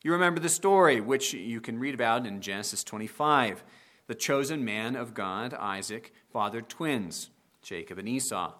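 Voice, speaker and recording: A man preaching a sermon on a scripture passage, earnest and slowing down to dwell on the quoted verses. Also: medium pitch, lively intonation, fairly bright tone.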